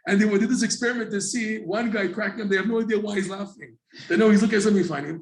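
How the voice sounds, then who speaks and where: A man teaching a Torah class to a small group, animated and telling stories with acted-out asides. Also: on the high side, echoey room, low-quality recording. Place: classroom with a few listeners.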